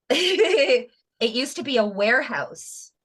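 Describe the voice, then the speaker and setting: A woman's voice: high-pitched, big pitch swings, takes it slowly, a bit bright, husky. A young woman, guest-hosting a live podcast. She tells stories and runs a trivia game in a playful, chatty way. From Canada. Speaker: guest host.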